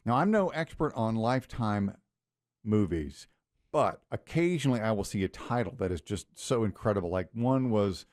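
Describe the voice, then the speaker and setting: A male radio co-host telling a news story in a casual morning-show chat with animated delivery. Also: fairly low pitch, moderate pace, no room sound, studio quality.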